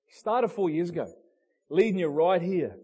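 A male pastor preaches a passionate sermon. He speaks bluntly and fires direct questions at the congregation. His voice sits high and comes through husky. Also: big pitch swings, normal speed, dark tone.

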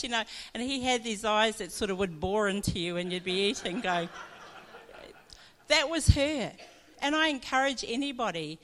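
A woman's voice: a little high, a bit bright. A woman pastor gives a chatty personal testimony in church, often laughing as she tells her story. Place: church hall. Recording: long hall reverb.

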